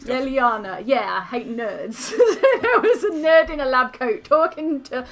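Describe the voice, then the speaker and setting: A woman playing a tabletop game, recapping events in a jokey, excited way. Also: high voice, a little slow. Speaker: player.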